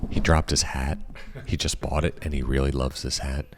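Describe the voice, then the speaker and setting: A man's voice: very deep voice, little pitch movement, normal speed, noisy background. A man co-hosting a podcast in casual chat, teasing his partner with dry jokes. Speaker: podcast co-host.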